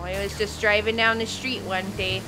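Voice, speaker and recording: A woman's voice: medium pitch, flat delivery, normal speed, very noisy, close to an everyday voice. A woman putting on a to voice a folksy Midwestern parent who rambles about a deer jumping out in front of the car. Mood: grumbling.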